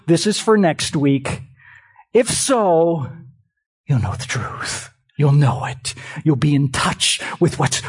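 A man preaching a sermon to his congregation. He repeats phrases for stress and swings between quiet passages and loud ones. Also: on the high side, breathy edge.

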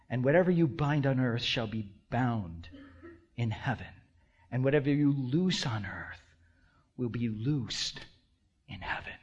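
A man preaching a sermon, swinging between hushed near-whispers and loud, impassioned passages, drawing out key words slowly. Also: medium pitch, animated, husky, muffled recording. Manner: slow, drawn-out emphasis on key words. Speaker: pastor.

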